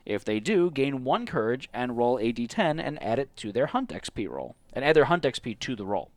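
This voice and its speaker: A man's voice: medium pitch, moderate pace, dry recording. A man co-hosting a streamed board game night, reading event cards aloud and teasing his friend in casual chat. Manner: lively, reads rules aloud, teasing.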